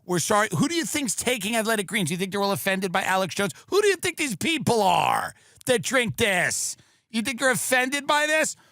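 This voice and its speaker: A man hosting a comedy podcast who riffs in a sarcastic, rambling way with deadpan asides. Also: sits high, moderate pace, no room sound. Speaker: host.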